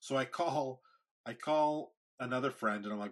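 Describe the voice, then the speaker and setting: A man's voice: medium pitch, moderate pace. A man in his thirties, a podcast host, telling a story in casual chat and acting out the quotes. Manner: animated storyteller, acts out quotes.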